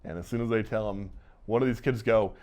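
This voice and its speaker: A man co-hosting a podcast, retelling a novel's scenes in casual chat and acting out the characters' lines. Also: fairly low pitch. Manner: animated, acts out characters' lines in quick voices. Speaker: podcast co-host.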